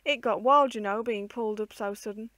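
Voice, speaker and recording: A woman reading aloud, voicing an excited gossiping woman in a street crowd, in a dry room. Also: fairly high pitch, brisk, no room sound, lightly acted. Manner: excited, chattering.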